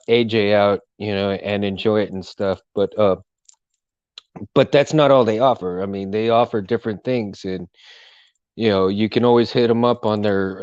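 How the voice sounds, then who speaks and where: A man hosting his own live stream, chatting casually with lots of fillers and restarts in a fairly monotone voice. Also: fairly low pitch, no room sound, muffled recording. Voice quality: self-described monotone. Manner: rambling, full of fillers and restarts.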